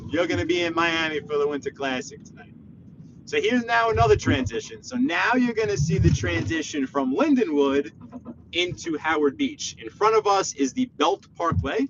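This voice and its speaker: A man chatting with his live viewers while driving, joking and teasing in an animated way. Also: high voice, normal speed, gravelly. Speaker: live-streaming driver. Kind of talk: casual live-stream commentary while driving. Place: inside a moving car. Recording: dull lo-fi car audio with faint road noise.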